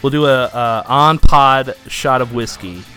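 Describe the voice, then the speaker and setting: A man hosting a casual podcast chat, animated and quick to laugh, often restarting his sentences. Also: mid-range voice, faint music behind. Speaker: podcast host.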